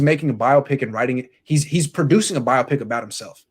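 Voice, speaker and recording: A man hosting a sports podcast, telling stories in casual chat with sudden loud outbursts and muttered asides. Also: mid-range voice, quick pace, breathy edge. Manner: excitable storyteller, jumps between loud outbursts and muttered asides.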